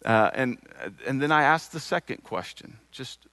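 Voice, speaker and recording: A man's voice: medium pitch, quick pace, hardly any pauses, pushed and bright, dry recording. A middle-aged man giving an earnest sermon testimony from the pulpit, telling a personal story with frequent repeated words. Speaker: church speaker.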